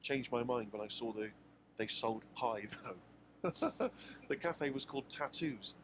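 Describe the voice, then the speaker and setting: Deadpan Englishman reading his diary. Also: mid-range voice, measured pace. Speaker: diary writer reading on a radio show. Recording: clip with clear background noise.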